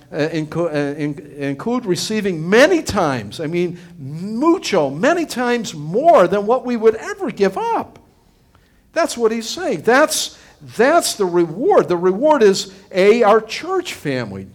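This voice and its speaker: A middle-aged man preaching to his congregation in a loose, conversational way. His voice sits high for a man and rises and falls a great deal. He circles back over his words with many restarts as he makes his point earnestly. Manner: earnest, rambling, frequent restarts and fillers. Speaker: pastor. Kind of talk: conversational sermon.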